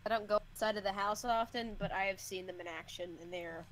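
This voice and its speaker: A woman's voice: mid-range voice, a little fast, fairly bright tone, slight background noise, low-quality recording. A young woman in casual chat, playful and giggly, now and then breaking into song. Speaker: co-host chatting.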